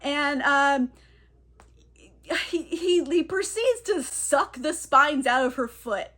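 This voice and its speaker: A woman's voice: high-pitched, expressive, slow pace, bright, forceful tone. A woman giving a chatty, sarcastic casual book recap, laughing often and using lots of filler words. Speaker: book reviewer.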